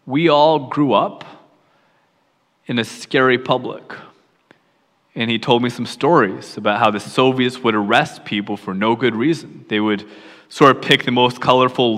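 A middle-aged man preaches and tells a personal story, his voice bright and forceful. At times he sinks to a hushed near-whisper. The sound rings with the long reverb of a large hall. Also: mid-range voice, fairly even intonation, moderate pace. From York, Pennsylvania, USA.

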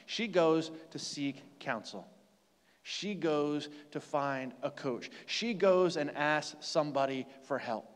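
An American man preaching a conversational sermon, asking rhetorical questions and moving from loud to hushed. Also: fairly high pitch, slow. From United States. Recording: long hall reverb.

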